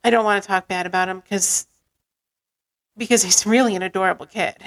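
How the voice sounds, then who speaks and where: A woman's voice: medium pitch, steady tone, a little fast. A woman co-hosting a podcast in casual chat, telling stories animatedly and laughing often as she acts out what others said. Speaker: podcast co-host.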